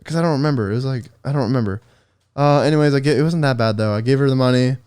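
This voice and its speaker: A man's voice: mid-range voice, racing, darkish tone, clean tone, no room sound, clean studio sound. A young man on a podcast, laughing sheepishly as he tells an awkward story and saying "dude" a lot. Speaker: podcast co-host. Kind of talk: casual storytelling chat.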